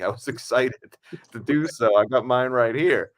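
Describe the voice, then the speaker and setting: Male podcast host, casual chat, lively storyteller who voices his quotes; even, middle pitch. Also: normal speed. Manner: animated storyteller, acts out quotes. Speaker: podcast host and film director.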